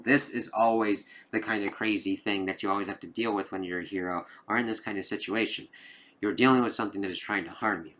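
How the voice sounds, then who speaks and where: A man's voice: fairly low pitch, fairly even intonation, brisk, bright, forceful tone. A man giving a casual, rambling comic book review, swearing now and then. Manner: rambling, loose, with swearing and filler phrases.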